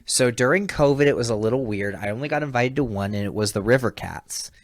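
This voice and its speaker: Animated storyteller man on a dry mic. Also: fast talker, no room sound. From California. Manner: laughs often, acts out quoted people with sudden high voice jumps. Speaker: comedian and baseball mascot performer, podcast guest. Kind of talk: animated storytelling in a casual chat.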